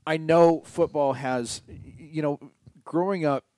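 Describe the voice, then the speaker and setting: A middle-aged man co-hosting a podcast, chatting casually about sports and telling stories with drawn-out, emphatic words. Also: on the high side, no room sound. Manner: animated storyteller, stretches key words. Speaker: podcast co-host.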